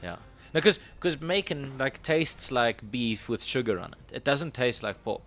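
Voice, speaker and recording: A man's voice: mid-range voice, lively intonation, a little slow, fairly bright tone, faint music behind. A man co-hosting a casual radio chat show, jokey and laughing often. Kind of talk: casual banter.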